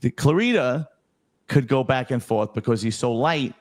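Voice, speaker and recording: A man chatting on a podcast in a relaxed, unhurried manner. He circles back to the same point and thinks it through out loud. His voice sits at an ordinary middle pitch. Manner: relaxed, repeats himself, thinks aloud. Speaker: co-host. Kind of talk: casual podcast chat.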